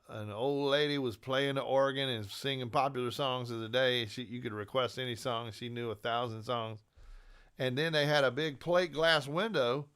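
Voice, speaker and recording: A man hosting a live stream, shouting greetings to viewers by name and telling folksy stories in a relaxed drawl. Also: medium pitch, clear, resonant tone. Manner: folksy storytelling with drawled asides. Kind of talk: casual chat greeting viewers.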